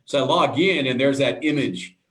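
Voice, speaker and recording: A man co-hosting a live web show chats casually, rambling through stories full of tangents and acting out the voices he quotes. His mid-range voice has a fairly bright tone at normal speed.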